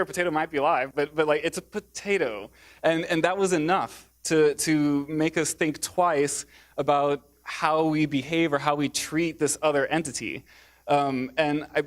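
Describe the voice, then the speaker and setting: A man giving a public talk in a theater, hesitant, with many fillers and restarts. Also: a little high. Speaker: speaker.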